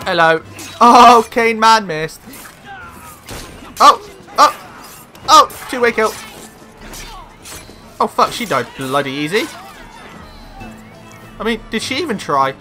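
A man casually commentating on his own gameplay, sweary and excitable, talking back to the characters on screen. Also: sits high. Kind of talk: casual let's-play commentary.

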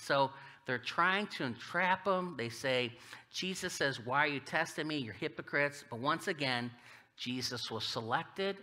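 A middle-aged man preaching as a guest speaker, telling stories and cracking jokes as he reads scripture. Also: mid-range voice. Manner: animated storytelling, jokey asides. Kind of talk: sermon with humor.

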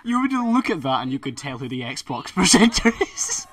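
A man's voice: fairly high pitch, very animated, moderate pace, crowd noise. A man giving sarcastic reaction commentary on a gaming stream, mocking what he sees and laughing often.

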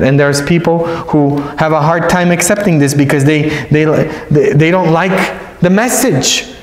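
A priest giving a retreat sermon, telling stories and repeating phrases for emphasis. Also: male voice, a little high. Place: large church. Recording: echoey church hall.

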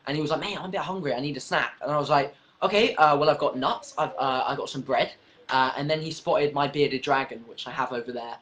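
A man's voice: medium pitch, quick pace. A young man, joking around as the vlogger in a casual chat. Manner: animated, joking, jumps between topics.

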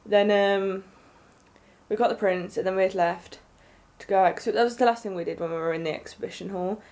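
A young woman vlogging, telling a story in an excited, rambling way with lots of fillers. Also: medium pitch, fairly quick. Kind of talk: casual storytelling to camera.

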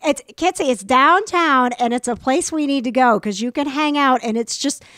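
A woman's voice: high-pitched, normal speed, fairly bright tone, no echo, studio quality. A woman co-hosting a podcast, chatting casually and enthusiastically, often laughing. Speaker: podcast co-host. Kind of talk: casual chat.

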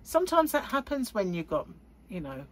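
This crochet vlogger, a middle-aged woman from the UK, talks to camera in a relaxed, rambling way, laughing a lot. Her mid-range voice is very animated and moves at a normal speed.

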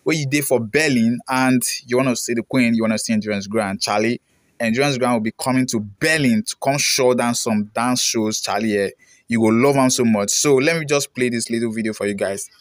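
A man's voice: medium pitch, brisk, dry recording, studio quality. A young Ghanaian man with a Ghanaian accent hosting a casual reaction show, chatting and reading viewer comments aloud, slipping into pidgin. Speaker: reaction channel host.

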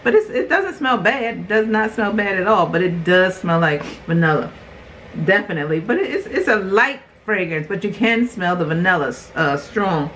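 A woman's voice: mid-range voice, slight background noise, rough recording. A middle-aged woman, chatting animatedly and exclaiming through a casual unboxing vlog. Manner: animated, exclaiming, quick asides. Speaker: beauty vlogger.

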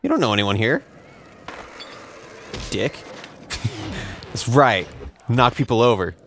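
A man's voice: medium pitch, expressive, slow pace, fairly bright tone, a little hiss or hum. A young man giving sarcastic, profane, self-mocking commentary while playing a video game. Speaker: let's play host. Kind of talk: casual gameplay commentary.

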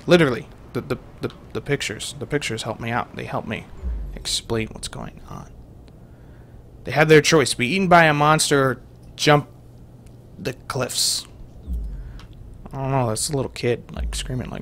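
A man's voice: mid-range voice, moderate pace, pauses often, fairly bright tone, slight background noise. A young man giving rambling, jokey let's-play commentary to his viewers as a gaming host.

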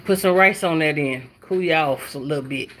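On her cooking livestream, a woman chats in a lively, teasing way and reads viewer comments aloud as she goes. Her low voice moves at a normal speed, with slight background noise.

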